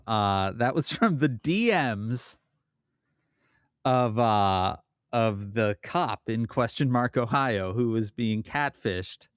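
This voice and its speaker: A man's voice: medium pitch, dry recording, clean studio sound. A man co-hosting a podcast in casual chat, reading items aloud and giving brief, amused replies. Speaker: podcast co-host.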